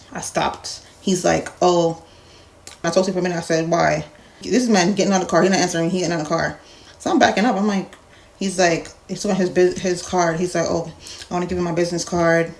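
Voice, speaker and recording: Blunt young woman with gravelly voice. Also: lowish voice. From Jamaica. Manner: blunt, animated retelling with quoted dialogue. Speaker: vlogger. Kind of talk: casual storytime rant.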